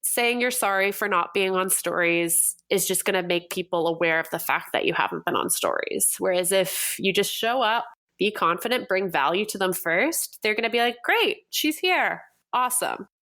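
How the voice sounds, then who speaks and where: A woman's voice: on the low side, moderate pace, a bit bright. A young adult woman from Montreal, a guest copywriter, talking candidly in an earnest, coaching tone in a casual podcast conversation. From Canada, Montreal.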